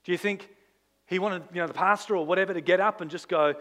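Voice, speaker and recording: Male pastor, slightly high voice, lively conversational sermon delivery. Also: quick pace. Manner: animated, conversational preaching with rhetorical questions.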